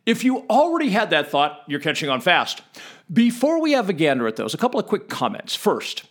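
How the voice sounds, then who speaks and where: A man delivering a scripted explanatory monologue, measured and emphatic, slowing down to stress key words. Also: fairly high pitch, a bit bright. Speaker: commentator on tax law.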